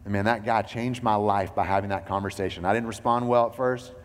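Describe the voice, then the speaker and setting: A man's voice: fairly low pitch, fairly even intonation, fairly quick. Guy pastor preaching, chatty and loose, lots of like and you know, big echoey church hall. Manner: conversational, frequent "like" and "you know". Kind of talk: sermon.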